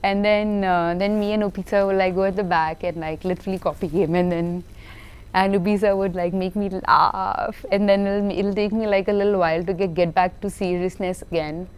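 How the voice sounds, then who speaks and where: A woman actress, telling stories in an animated, laughing interview chat and often repeating words. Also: medium pitch, fairly quick, clean tone. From India. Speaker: film actress.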